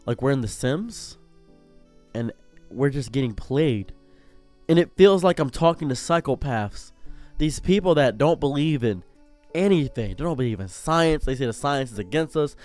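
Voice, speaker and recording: A man's voice: medium pitch, animated, normal speed, a little mellow, soft background music. A young man streamer in an emotional commentary rant, swinging between anger and holding back tears. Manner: impassioned, swinging from angry to near tears.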